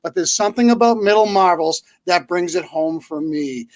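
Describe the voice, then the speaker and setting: High-voiced talkative man with a Boston accent. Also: normal speed, no room sound. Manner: long-winded, upbeat. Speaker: middle school principal, co-host. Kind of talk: live-streamed talk show hosting.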